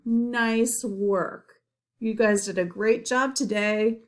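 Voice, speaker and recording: A woman teaching young children in a slow, simple way, gentle and encouraging, naming farm animals. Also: a little high, steady tone.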